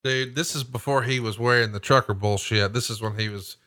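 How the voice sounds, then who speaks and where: A man co-hosting a podcast, telling stories in a profane, animated way. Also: mid-range voice, fairly quick, no echo, studio quality. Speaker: podcast co-host. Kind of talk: casual podcast chat.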